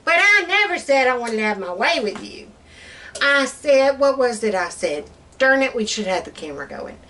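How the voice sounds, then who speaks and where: A woman's voice: sits high, big pitch swings, moderate pace, pushed and bright. Chatty woman, laughing storyteller. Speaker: channel co-host. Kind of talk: casual chat.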